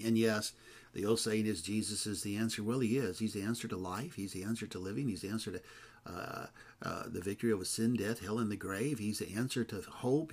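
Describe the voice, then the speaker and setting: A man preaching a sermon in a conversational, digressive way, full of fillers and asides, swinging from loud emphasis to hushed lines. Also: on the low side, slightly rough.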